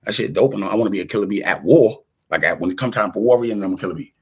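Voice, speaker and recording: Low gravelly man rambling in slang. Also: quick pace. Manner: rambling, profane street slang, acts out quoted voices; animated, jumps between topics. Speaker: rapper talking to camera. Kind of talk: casual rambling monologue.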